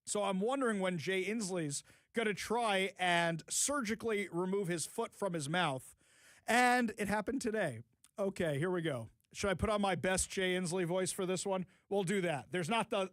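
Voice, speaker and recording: A man hosting a political talk radio show, sarcastic and animated, repeating phrases for emphasis. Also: sits high, no echo.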